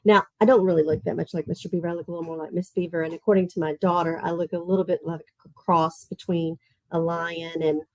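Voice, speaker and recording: A woman's voice: fairly low pitch, steady tone, no room sound, dull audio. A woman with a Tennessee Southern accent teaching children in a live online class, chatty and friendly, with many fillers and restarts. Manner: reads verse slowly and rhythmically. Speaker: homeschool art and literature teacher.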